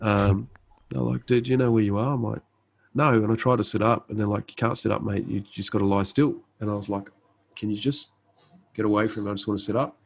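A man's voice: lowish voice, steady tone, a little fast, gravelly, poor audio. A man in his thirties, a guest and army medic, telling his story casually with lots of fillers and restarts, acting out the dialogue. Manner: laid-back, frequent fillers and restarts, acts out quoted dialogue. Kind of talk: conversational storytelling.

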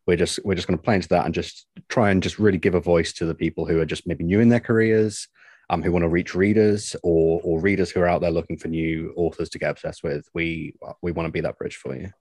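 Man, podcast co-host, playful and relaxed, deep husky voice, dry sound. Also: fast talker, dry recording. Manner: laid-back, playful. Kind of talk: casual podcast chat.

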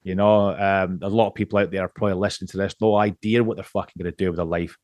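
A man's voice: low voice, flat delivery, quick pace, darkish tone, dry recording. A man in his late thirties, from Scotland, talking as a podcast guest in a casual chat. He rambles, restarts a lot and swears freely. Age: late 30s.

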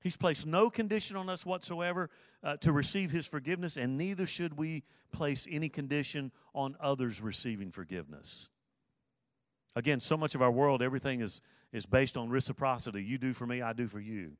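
A man's voice: medium pitch, fairly quick, no room sound. Earnest male pastor preaching, dry sound. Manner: earnest, repeats key phrases for emphasis. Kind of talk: sermon.

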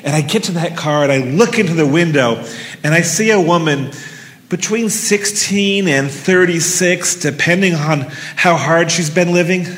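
A man's voice: a little high, normal speed, a bit bright. Earnest man telling a story in a hall. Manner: earnest, vivid, swears casually. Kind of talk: personal story told live on stage. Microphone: handheld mic. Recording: long reverb of a hall.

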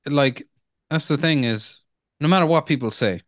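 A man's voice: on the high side, moderate pace, dry recording, clean studio sound. A man co-hosting a film podcast in casual, teasing chat. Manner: joking, teasing, laid-back. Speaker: podcast co-host.

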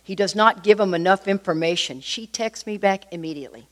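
A middle-aged woman telling a personal recovery story to an audience, in a lively, confiding way that speaks straight to her listeners. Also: medium pitch, fairly quick.

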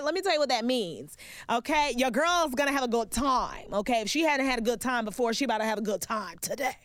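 A woman's voice: sits high, expressive, fast, fairly bright tone, dry recording. A woman hosting her own podcast, chatting playfully with listeners and calling them babes and y'all. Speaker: podcast host. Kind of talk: casual solo podcast chat.

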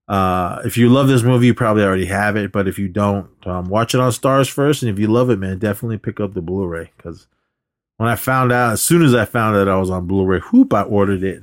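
Low-voiced man, rambling movie recap. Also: dry recording, studio quality. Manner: rambling, lots of fillers and restarts. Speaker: podcast co-host. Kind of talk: casual movie recap chat.

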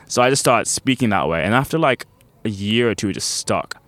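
A man's voice: lowish voice, lively intonation, a little fast, a bit bright, no room sound. A man in his thirties with a British-sounding American accent and unusual R sounds, chatting loosely as an interview guest. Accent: American with British-sounding speech. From United States, grew up in Orlando. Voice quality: unusual R sounds from a childhood speech impediment. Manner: rambling, filler-heavy, laughs easily. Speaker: guest, band member. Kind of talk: casual interview chat.

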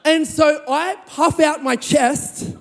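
High-voiced preacher in a hall. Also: male voice, slow pace, vocal fry, faint music behind. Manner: animated, comic storytelling with sound effects. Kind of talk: storytelling sermon.

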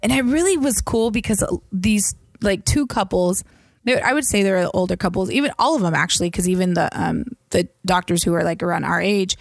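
Woman podcast co-host, gravelly, dry close sound, rambling storyteller. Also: medium pitch, a little fast, dry recording. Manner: chatty storyteller, lots of fillers and quoted voices. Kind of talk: casual chat.

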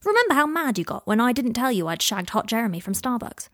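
A woman's voice: fairly high pitch, sing-song, quick pace, a bit bright. A woman voicing a blunt, teasing, foul-mouthed young woman in a read-aloud story. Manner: brash and teasing.

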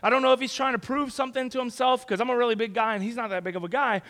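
A young man telling a story to a crowd in a lively, casual, conversational way. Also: very high voice, rapid-fire. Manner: animated, conversational, casual slang. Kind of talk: storytelling talk.

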